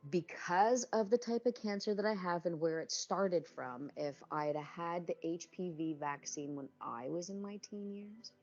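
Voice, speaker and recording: Fifty-something woman telling her cancer story, low gravelly voice, kinda muffled recording. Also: a little slow, hardly any pauses, a little mellow. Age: 50s. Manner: candid storytelling, acting out quoted voices. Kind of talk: personal testimony.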